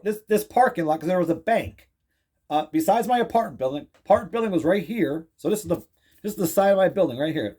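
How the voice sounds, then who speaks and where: A man's voice: a little high, a little mellow. A middle-aged man telling a long personal story in a rambling, casual way, full of restarts, fillers and swearing. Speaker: vlogger telling stories.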